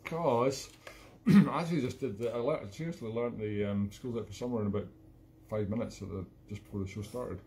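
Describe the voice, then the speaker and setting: A man's voice: medium pitch, dark tone, a little hiss or hum. A Scottish man hosting a live home music stream, rambling and joking between songs in a casual chat. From Scotland. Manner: jokey, rambling, self-mocking. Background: accordion music.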